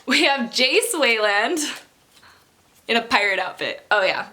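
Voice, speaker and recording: A young woman talking to her vlog audience in a loose, chatty way, full of fillers and little laughs. Her voice sits a bit high and sounds bright. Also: very animated, a little slow. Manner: chatty, giggly, lots of fillers. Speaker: book vlogger. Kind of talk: casual vlog chat.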